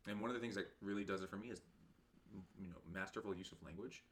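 A man's voice: fairly low pitch, fairly even intonation, fast talker, fairly bright tone, slight background noise. A young man co-hosting a podcast, chatting casually and crudely about a book, often laughing and acting out scenes. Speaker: podcast co-host.

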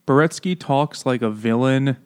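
A man co-hosting a casual book podcast, animated and joking. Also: mid-range voice, normal speed, clear, resonant tone. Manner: animated, mocks villain voices. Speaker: podcast co-host. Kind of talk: casual chat.

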